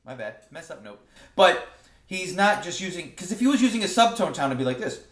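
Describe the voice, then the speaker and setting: A man teaching saxophone in a relaxed, casual way, often stumbling over and repeating his words. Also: high-pitched, fairly quick. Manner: relaxed, explains with sung examples, repeats words. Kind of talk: casual music lesson. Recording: roomy echo.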